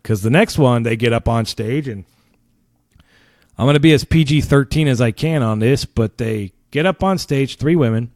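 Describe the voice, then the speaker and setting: A man's voice: mid-range voice, a little mellow, no echo. A man hosts his own podcast and rambles through a story at full tilt. He swears freely and laughs at his own jokes. His voice sits in a middle range and comes across close and dry, with no room around it. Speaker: podcast host. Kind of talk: casual ranting storytelling.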